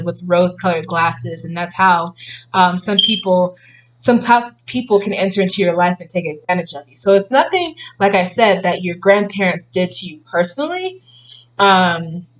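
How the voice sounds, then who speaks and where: A woman's voice: medium pitch, lo-fi sound. A woman giving a casual tarot reading to her viewers, rambling with many fillers and restarts. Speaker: tarot reader.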